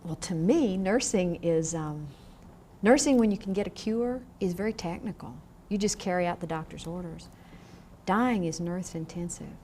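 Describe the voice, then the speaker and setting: A woman lecturing a class on grief in a frank, lively way, often asking the room questions. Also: lowish voice, moderate pace, slight background noise. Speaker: grief educator. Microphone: on camera, room mic.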